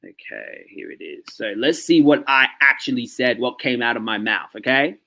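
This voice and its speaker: Male vlogger, mid-pitched, casual ranting reaction commentary. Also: expressive, normal speed, vocal fry, sharp tone. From Australia. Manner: ranting, talks straight to viewers with frequent "okay" and "like".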